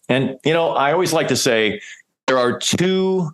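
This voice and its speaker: A man's voice: a little high, expressive, a little slow. A middle-aged man from Nebraska, a podcast guest, telling a personal story in a candid, emotional way and often restarting his sentences. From Nebraska, United States.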